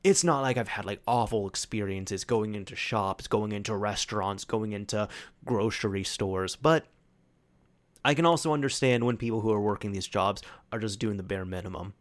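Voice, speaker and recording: A man hosting a solo podcast, casually telling a story with lots of restarts and animated retold dialogue. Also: on the low side, moderate pace. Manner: rambling, with many restarts and fillers; quotes friends in animated retellings. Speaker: podcast host.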